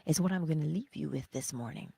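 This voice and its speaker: A middle-aged woman hosting a casual spiritual livestream, chatting with viewers, telling stories and often dropping into soft whispers. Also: sits low, fast, creaky, husky, no room sound. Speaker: host of a morning livestream.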